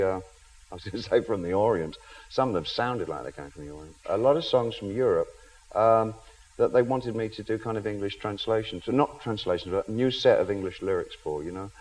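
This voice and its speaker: A man's voice: fairly low pitch, a little mellow, rough recording. A man in his fifties, a chat show guest in a television studio, telling self-mocking anecdotes and laughing through them. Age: 50s.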